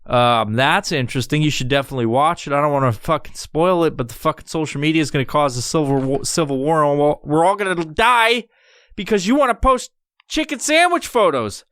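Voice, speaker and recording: A man hosting a solo podcast, rambling through a story with constant swearing and lively mimicry. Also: fairly high pitch, brisk, hardly any pauses, smooth, no echo, studio quality. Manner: profane, rambling, animated storytelling. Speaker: podcast host.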